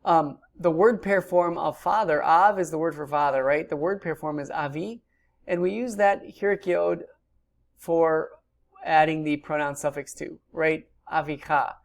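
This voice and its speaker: A woman's voice: low voice, a little slow, gravelly. A woman giving a recorded grammar lecture, explaining patiently with frequent ums. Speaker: Hebrew teacher.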